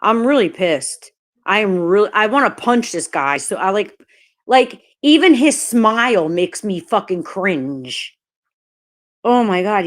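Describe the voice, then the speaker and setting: A woman's voice: medium pitch, sing-song, unhurried. A woman live-streaming a heated, profane rant, talking bluntly and breaking off to greet chat viewers by name. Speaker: livestreamer.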